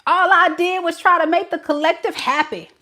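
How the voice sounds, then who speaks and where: A woman's voice: very high-pitched, fairly even intonation, moderate pace, bright, forceful tone, voice pushed up. A woman voicing a self-pitying adult who whines and complains like a child. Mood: whining. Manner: whining, complaining.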